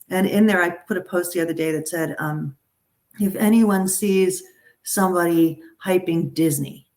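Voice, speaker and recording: A middle-aged woman, a talent agent, talking casually and animatedly to a group. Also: low-pitched. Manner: animated, chatty, frequent restarts and asides. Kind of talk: casual live talk to a group.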